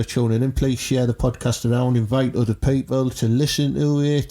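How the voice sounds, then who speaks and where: A man's voice: medium pitch, warm tone. A man, hosting a comedy podcast in a crude, cheeky, self-promoting manner. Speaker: podcast host.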